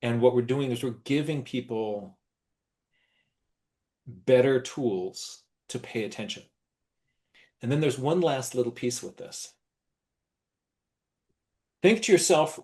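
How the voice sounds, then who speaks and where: Animated man teaching a workshop. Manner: animated, acts out gushing praise in a high voice. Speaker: workshop presenter.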